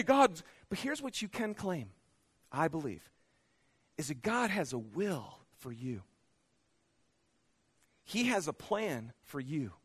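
High-voiced preacher, loud then hushed. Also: male voice, husky. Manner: swings from loud, pressing exhortation to hushed, intimate asides; speaks directly to the congregation with questions. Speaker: pastor. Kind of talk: sermon.

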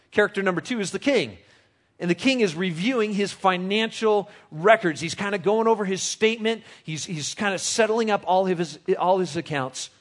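A middle-aged man preaching a sermon to his congregation, conversational and teasing his listeners as he reads and explains scripture. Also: high-pitched. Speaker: pastor.

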